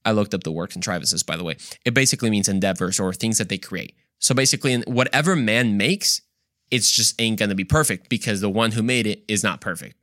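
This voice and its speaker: Speaking quickly in a somewhat low, slightly bright voice, this podcast host from the United States walks through ideas step by step in a conversational teaching style. He regularly checks in with his listeners, often asking "right?" The recording is dry and studio quality.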